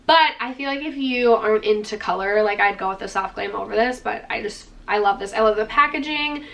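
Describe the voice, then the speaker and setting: A woman's voice: medium pitch, fairly quick, gravelly, fairly bright tone, far from the mic. A woman beauty vlogger gushing enthusiastically through a product review, peppering her talk with "like" and "freaking.". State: out of breath, dry throat.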